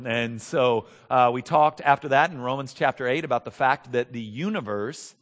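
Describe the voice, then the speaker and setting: A man's voice: medium pitch, normal speed, hardly any pauses, fairly bright tone. Earnest preacher man in a reverberant hall. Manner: earnest, emphatic, often repeats words while building points. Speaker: pastor. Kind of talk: sermon.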